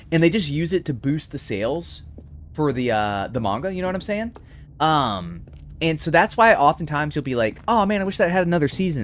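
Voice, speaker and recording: A man streaming a game while casually chatting and answering viewers' messages. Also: a little high. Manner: chatty, reads and answers chat, animated. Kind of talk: casual live-stream chat.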